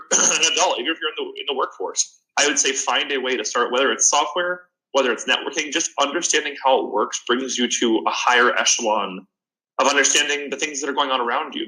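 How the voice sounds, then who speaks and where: A man's voice: medium pitch, sharp tone, rough recording. A man in his twenties, a podcast guest and startup founder, giving earnest advice in a casual interview, often restarting his sentences. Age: 20s.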